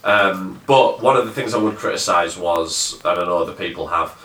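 Deep, bright-toned man reviewing a film. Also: normal speed. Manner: rambling, hesitant with many fillers. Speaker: podcast host reviewing a film. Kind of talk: casual film review chat. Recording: echoey room, far from the mic.

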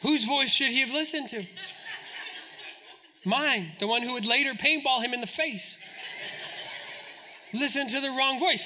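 A man's voice: very high voice, unhurried, pauses often, slight background noise. A man in his forties preaching a sermon, telling stories and acting out quoted voices. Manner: animated storytelling, acts out quoted voices. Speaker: pastor.

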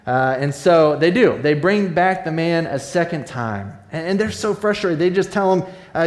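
Relaxed pastor preaching in an echoey room. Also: male voice, on the high side, normal speed. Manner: casual storytelling with fillers and restarts. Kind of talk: sermon retelling a Bible story.

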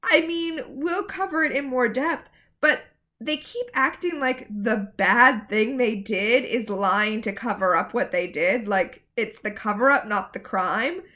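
A woman's voice: a little high, measured pace. Sarcastic woman co-hosting a recap. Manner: sarcastic, animated asides. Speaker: podcast co-host. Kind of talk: casual recap chat.

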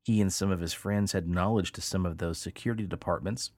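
Low-voiced man hosting a podcast. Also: brisk, dry recording, clean studio sound. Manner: animated storyteller, rises in pitch on key points. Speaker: podcast host. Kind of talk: casual podcast chat.

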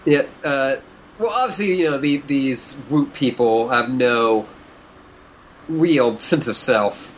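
A man co-hosting a podcast in casual chat, halting and repeating words as he comments. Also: mid-range voice, a little hiss or hum, low-quality recording. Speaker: podcast co-host.

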